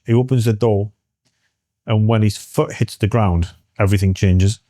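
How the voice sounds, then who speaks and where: Low, mellow British man telling a story. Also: fairly even intonation, dry recording, studio quality. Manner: halting, restarts, acts out quoted dialogue. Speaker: interview guest, military veteran. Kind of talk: storytelling in a podcast interview.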